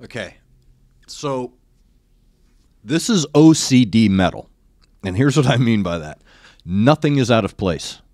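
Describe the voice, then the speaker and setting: An older man, a former rock radio DJ, hosting a reaction video, effusive and earnest, often halting and restarting his sentences. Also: medium pitch, expressive, a little mellow, no echo. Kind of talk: reacting to a live concert video.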